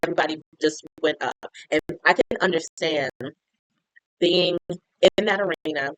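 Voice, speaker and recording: A woman's voice: low voice, normal speed, a bit bright, no echo, rough recording. A woman chatting casually as she recaps a TV episode, retelling scenes with lots of "like". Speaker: TV recap reviewer.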